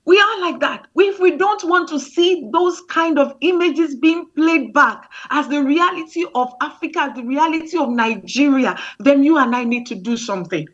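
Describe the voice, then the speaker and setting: A woman's voice: high-pitched, moderate pace, few pauses, highs cut off. A woman giving an impassioned motivational talk over a remote link, often repeating words. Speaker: speaker.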